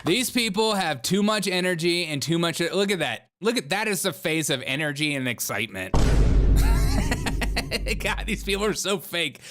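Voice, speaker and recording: A man's voice: on the high side, expressive, moderate pace, sharp tone, soft background music. A man hosting a political commentary show, talking sarcastically over clips with mocking, laughing asides.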